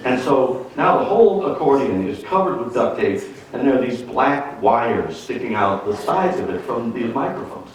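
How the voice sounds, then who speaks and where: A man, a musician, telling a true story in an animated way, chuckling and acting out the other people in it. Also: medium pitch, moderate pace. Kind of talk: spoken storytelling. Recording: roomy echo, distant mic, faint noise.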